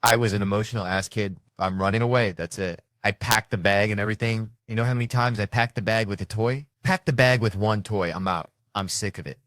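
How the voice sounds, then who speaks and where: A man tells a stand-up story in short, clipped bursts and keeps the pace lively. His voice is fairly low, and the sound is dry and close-miked with no room echo. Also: brisk, few pauses. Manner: punchy, animated storytelling with short clipped sentences. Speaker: stand-up comedian.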